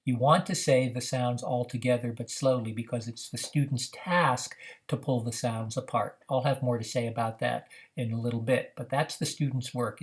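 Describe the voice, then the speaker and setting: A man teaching how to run a reading activity, explaining in a measured way with frequent "uh" fillers. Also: mid-range voice. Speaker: reading program instructor. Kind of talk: instructional demonstration.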